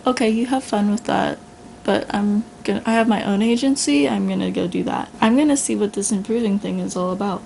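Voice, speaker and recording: Blunt, gravelly-voiced woman giving a pep talk. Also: mid-range voice, fairly quick, darkish tone, a little hiss or hum, low-quality recording. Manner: blunt, earnest, casual, addresses listener as "you". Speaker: vlogger. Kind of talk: motivational self-talk monologue.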